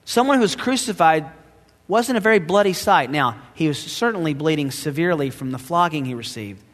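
A man's voice: on the high side, animated, a little fast. A man preaching a dramatic sermon in a reverberant church. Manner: dramatic, swings between loud emphasis and hushed asides. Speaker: pastor.

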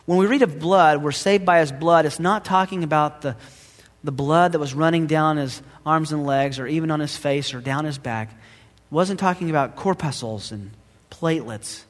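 A male pastor preaching a sermon, dramatic, swinging between loud emphasis and hushed asides. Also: a little high, moderate pace, big-room sound.

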